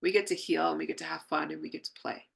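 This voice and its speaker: A woman's voice: low-pitched, fairly even intonation, quick pace, creaky, husky. A woman leading a live online healing session, talking to her viewers in an effusive, affirming way. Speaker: spiritual healing coach.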